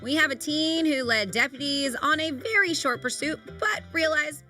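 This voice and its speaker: Speaking at normal speed in a high, pushed, bright voice, this married adult woman co-hosts a radio program in the studio. She chats casually and reads quirky news items, tossing in offhand remarks and laughter over soft background music.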